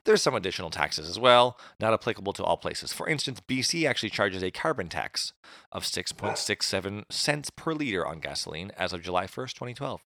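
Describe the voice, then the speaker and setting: A man's voice: lowish voice, big pitch swings, brisk, pushed and bright, no room sound. A man from Atlantic Canada co-hosting a casual podcast, reading facts from notes with jokey asides. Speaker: podcast co-host.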